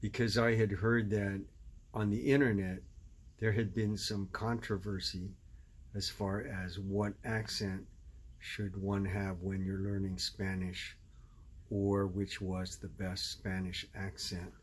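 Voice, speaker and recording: A man hosting a language video, explaining his view in a measured, casual way. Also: low-pitched, little pitch movement, a little hiss or hum. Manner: measured, explanatory, switches between English and Spanish. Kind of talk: casual spoken commentary.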